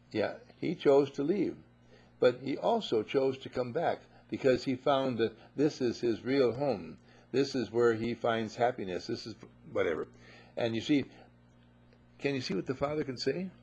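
A man preaching a sermon to a live audience, animated, acting out voices and often saying "you see", heard on a muffled lo-fi recording. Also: mid-range voice, moderate pace, breathy edge.

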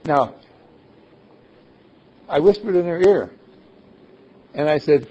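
A man preaching a sermon to his congregation in a playful, animated way, laughing often. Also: a little high, slow, breathy edge. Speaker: minister. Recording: dull lo-fi recording.

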